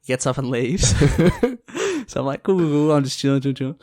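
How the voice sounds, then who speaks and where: A man's voice: medium pitch, big pitch swings, normal speed, a little mellow. Laid-back young man. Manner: laid-back storytelling, acts out the people in his anecdotes. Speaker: podcast co-host. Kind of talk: casual chat.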